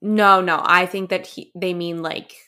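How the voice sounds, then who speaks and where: A woman's voice: on the low side, steady tone, measured pace, pushed and bright. A woman with a New England accent, co-hosting a podcast, chatting casually and laughing often while reading out comments. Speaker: podcast co-host.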